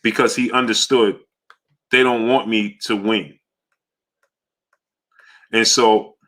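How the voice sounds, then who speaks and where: A man's voice: fairly low pitch, a bit bright. A man hosting a casual live stream, greeting viewers by name, reading their comments and asking for likes.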